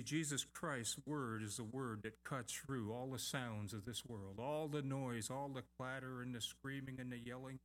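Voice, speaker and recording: Man preaching a lively sermon. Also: mid-range voice. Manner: emphatic repetition, lively asides. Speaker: pastor.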